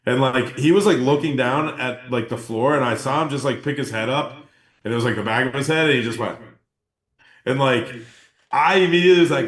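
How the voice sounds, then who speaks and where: A man hosting a podcast, telling a story in a casual, animated way, acting out the quotes and swearing freely. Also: mid-range voice, brisk. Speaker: podcast host. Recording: roomy echo.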